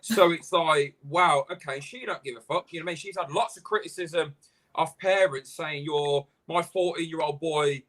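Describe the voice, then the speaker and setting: A man with a fairly high voice, ranting in loose, animated chat on a live stream. He swears freely. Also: normal speed. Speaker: host.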